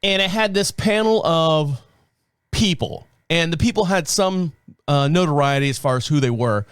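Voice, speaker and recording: A man's voice: a little high, moderate pace, clean tone, no echo, clean studio sound. A man in his fifties hosting his own show, telling stories in a rambling, casual way and often correcting himself mid-sentence. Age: 50s. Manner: rambling, self-correcting storytelling. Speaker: podcast host. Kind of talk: casual solo talk.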